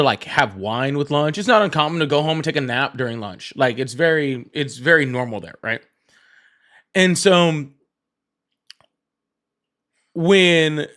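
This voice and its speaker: A man's voice: a little high, fairly bright tone. A man hosting a casual live stream, chatting in a rambling way and greeting viewers between points. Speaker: livestream host.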